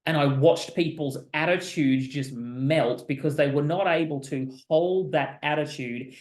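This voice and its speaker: A man's voice: on the high side, a little slow, echoey room. A man who hosts as a psychologist gives explanatory commentary in a thoughtful, explaining manner, often checking in with the listener. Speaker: psychologist host. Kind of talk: explanatory commentary on a reader post.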